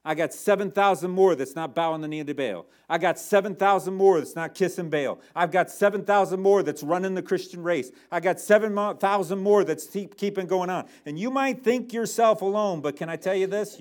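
A man's voice: high voice, normal speed. Emphatic male pastor preaching. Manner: emphatic, rhetorical questions to the congregation. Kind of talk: sermon.

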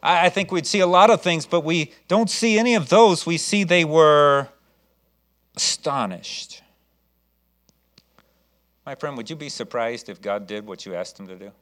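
Animated man preaching a sermon. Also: fairly high pitch, a little fast, hardly any pauses. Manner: animated preaching, acting out voices of the story. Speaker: pastor.

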